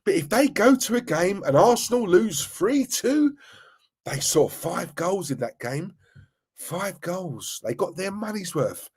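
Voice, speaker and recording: A middle-aged man, hosting a live football fan stream in an animated, slangy rant. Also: high voice, a little slow, husky. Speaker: fan channel host.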